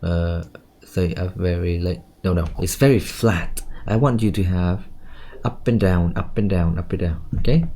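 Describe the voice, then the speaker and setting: A man's voice: deep voice, normal speed, mellow. A man coaching a student for a speaking test, correcting her often and ending phrases with "okay?". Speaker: IELTS speaking teacher.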